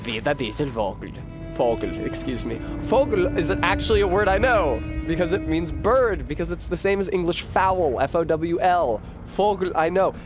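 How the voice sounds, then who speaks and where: Man streaming, crude joking banter. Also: on the high side. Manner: joking, profane, chatty. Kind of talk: live gameplay commentary. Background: game music.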